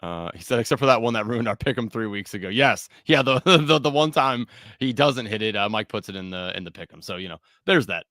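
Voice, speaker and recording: A man's voice: fairly low pitch, animated, fairly quick, fairly bright tone, dry recording, studio quality. A man co-hosting a sports betting show, giving picks in a laid-back, joking way and laughing between them. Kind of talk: casual sports betting chat.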